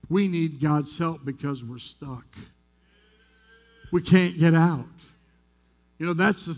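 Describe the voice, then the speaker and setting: A man from the United States with a fairly high voice preaches in a church sanctuary. He is a pastor who talks to the congregation in a conversational way. His stories are candid and self-deprecating. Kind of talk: sermon.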